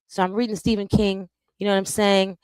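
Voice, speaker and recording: A woman hosting a live stream, talking in a rambling, animated way and calling her viewers "bro" and "darling". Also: mid-range voice, a little fast, clear, resonant tone, no room sound, poor audio. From United States. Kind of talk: casual live stream monologue.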